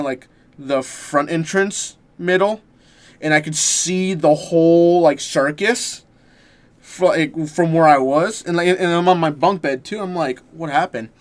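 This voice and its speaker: A young man co-hosting a podcast, telling a dream in halting casual chat full of fillers. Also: fairly high pitch. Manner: halting, filler-heavy storytelling. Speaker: podcast co-host.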